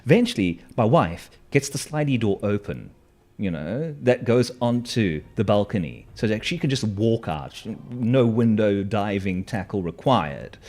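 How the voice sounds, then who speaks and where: A man's voice: on the low side, lively intonation, a little slow, a little mellow. A man telling a personal story in a casual, wry, self-mocking way, with lots of fillers and restarts.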